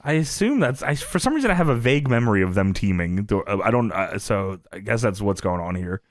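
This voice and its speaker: A man's voice: on the low side, sing-song, fairly quick. A man co-hosting a podcast, recapping a wrestling show in casual, profane, laugh-filled chat. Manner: laughs often, profane, retells scenes in mock voices. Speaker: podcast co-host.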